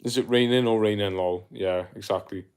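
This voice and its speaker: A young man with a South Welsh accent, chatting live to his viewers and reading their comments aloud. He talks in a relaxed, easygoing way, dropping slang like "mate" between answers. His voice sits a little on the low side. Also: brisk, clear, resonant tone. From South Wales. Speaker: livestreamer. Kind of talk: casual live-stream chat reading comments.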